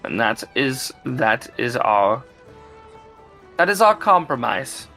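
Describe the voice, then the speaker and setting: A man's voice: medium pitch, very animated, slow, bright, forceful tone, soft background music, exaggerated voice. A man voicing a haughty, bossy woman archaeologist who speaks curtly and gives orders. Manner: curt, commanding.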